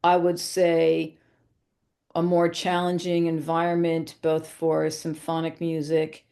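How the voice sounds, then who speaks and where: A woman with a lowish, mellow voice talks as a guest on a podcast. She explains things patiently and informatively, pausing now and then with an um. Her tone is relaxed and conversational. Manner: informative, explanatory, frequent ums. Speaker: flutist guest.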